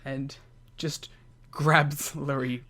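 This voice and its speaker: A man co-hosting a podcast in casual chat, offering relaxed, wry remarks. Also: mid-range voice, extremely slow. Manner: relaxed, brief wry interjections. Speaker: podcast co-host.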